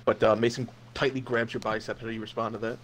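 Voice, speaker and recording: A young man running a comedic role-play game as game master, narrating in a deadpan, crude way. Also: medium pitch, fast talker.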